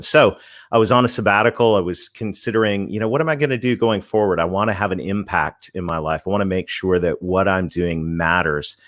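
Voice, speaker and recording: Casting: deep-voiced male author guest, Canadian accent softened by the South, eager and sincere. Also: no echo, studio quality. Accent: mixed Canadian and American Southern. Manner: upbeat, earnest, with fillers. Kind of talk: interview answers.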